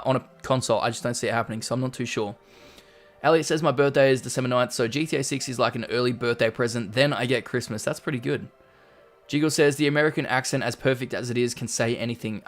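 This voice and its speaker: A man hosts a relaxed live stream. His chatty voice sits mid-range as he reads viewer comments aloud and reacts to them. Faint music plays softly behind him. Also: medium pitch. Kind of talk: casual live-stream chat. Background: faint background music.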